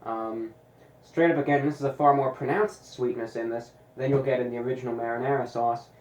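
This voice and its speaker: A man reviewing pizza in a deliberate, casual way, with dry sarcastic asides. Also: mid-range voice, fairly even intonation, a little mellow, echoey room, lo-fi sound, slight background noise. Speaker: food reviewer.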